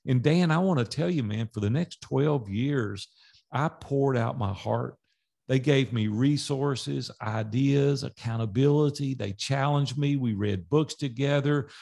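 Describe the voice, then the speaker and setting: A middle-aged man with a gravelly, rough-edged voice tells stories as a podcast guest. He talks casually and acts out the back-and-forth of old conversations. His voice sits at an ordinary pitch for a man. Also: measured pace. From Nashville, Tennessee. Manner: animated storyteller acting out dialogue. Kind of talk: storytelling in a casual interview.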